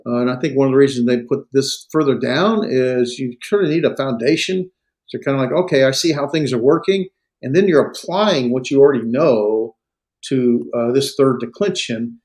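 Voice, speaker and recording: A man guides a single student through Greek grammar in an easygoing, encouraging way. He thinks aloud, often pausing on fillers as he checks his notes. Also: mid-range voice. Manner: relaxed, coaching, filler-heavy. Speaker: Greek tutor. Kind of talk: one-on-one tutoring.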